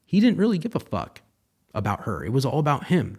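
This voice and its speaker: A man's voice: mid-range voice, huge pitch swings, a little fast, breathy edge. A young man hosting a podcast, casually retelling a film's plot in a rambling way, acting out the characters' lines and swearing now and then. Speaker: podcast host. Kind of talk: casual film review monologue.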